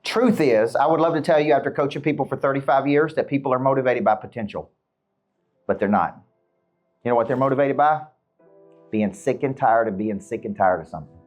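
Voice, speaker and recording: A man's voice: medium pitch, brisk, soft background music. A middle-aged man, a business coach, giving a punchy motivational talk to a live audience and peppering them with rhetorical questions.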